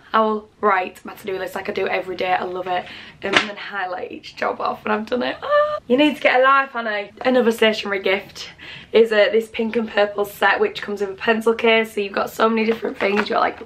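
A young British woman excitedly chatting through her presents in a casual vlog. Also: medium pitch, brisk, a little hiss or hum. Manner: gushing, chatty, full of fillers. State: out of breath. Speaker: vlogger. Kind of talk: casual gift haul vlog.

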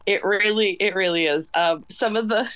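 A woman in her thirties from the US East Coast, a singer chatting in an interview, quick, loud and intense. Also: mid-range voice, smooth, no echo. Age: 30s. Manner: fast, loud and intense, by her own words. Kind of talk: casual interview chat.

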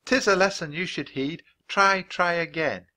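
A man reading aloud as a kind, patient woman schoolteacher on the frontier, speaking calmly and gently. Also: on the high side, a little slow, pitched above the performer's own voice. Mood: gentle. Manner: gentle, calm and encouraging. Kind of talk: children's audiobook reading.

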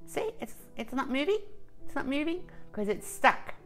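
A woman's voice: sits high, very animated, moderate pace, a bit bright, soft background music. A woman in a casual unboxing vlog who gushes with emotion and often breaks off in the middle of a sentence. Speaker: vlogger.

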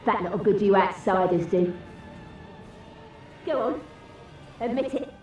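A woman's voice: mid-range voice, unhurried, a little mellow, heavy reverb, muffled recording, soft background music, lightly acted. An actress playing a bitter, paranoid old woman with an Estuary accent, accusing and resentful in a video game. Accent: Estuary English. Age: older.

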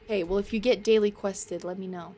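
A woman streaming a game live, excitable, gasping and swearing as she plays. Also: mid-range voice, brisk.

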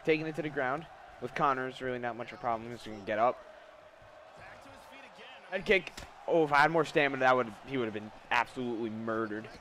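A young man giving live gameplay commentary, trash-talking his opponent, swearing and erupting into shouts. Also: mid-range voice, fairly quick, long pauses. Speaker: gaming YouTuber.

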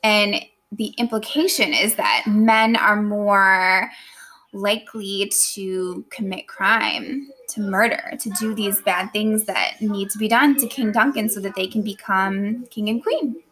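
A woman's voice: medium pitch, fairly even intonation, slow pace, pushed and bright, low-quality recording. A woman teacher in a recorded lesson, speaking playfully to her students and asking them guiding questions.

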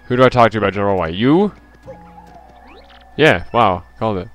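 A man's voice: on the low side, animated, brisk, soft background music. Rambling man doing a game playthrough. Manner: rambling, self-deprecating, reads character lines aloud. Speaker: let's play host. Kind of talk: casual game commentary.

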